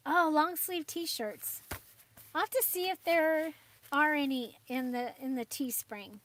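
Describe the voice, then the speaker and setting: A woman's voice: high-pitched, slow pace, long pauses, fairly bright tone, slight background noise. A woman hosting a crafting channel, chatting casually and rambling with frequent fillers and little laughs. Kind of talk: casual livestream chat.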